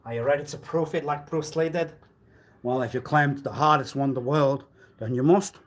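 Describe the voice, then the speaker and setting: A man on a live stream delivering a rambling, accusatory monologue, swinging between loud outbursts and low muttering. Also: moderate pace. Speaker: livestreamer.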